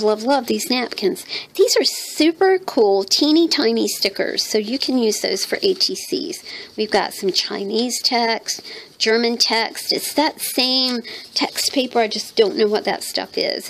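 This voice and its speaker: Gravelly Southern woman, chatty show-and-tell. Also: mid-range voice, a bit bright, slight background noise, rough recording. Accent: Southern US, North Carolina. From North Carolina. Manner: chatty, rambling, thinks aloud with many fillers. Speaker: mixed media artist showing her handmade journal. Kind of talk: casual show-and-tell chat.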